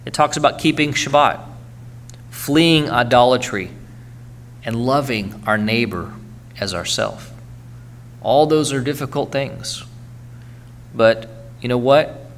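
A man's voice: mid-range voice, takes it slowly, pauses often, a little hiss or hum. A man preaching a sermon earnestly, urging his congregation and checking in with frequent "okay?" tags.

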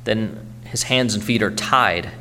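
A man's voice: fairly low pitch, measured pace, bright, forceful tone, slight background noise. Earnest man preaching a sermon. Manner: earnest exhortation, frequent "okay?" check-ins.

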